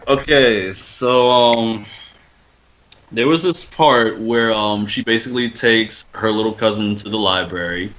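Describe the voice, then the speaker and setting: Young man, lower voice, halting casual delivery, full of fillers. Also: fairly bright tone, low-quality recording. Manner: hesitant, many ums, loses his thread. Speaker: podcast guest. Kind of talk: casual chat.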